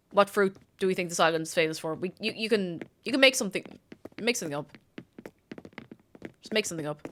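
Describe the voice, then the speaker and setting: A woman streaming a video game, chatting casually and gushing, often dropping into excited whispers. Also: on the low side, a little fast, long pauses.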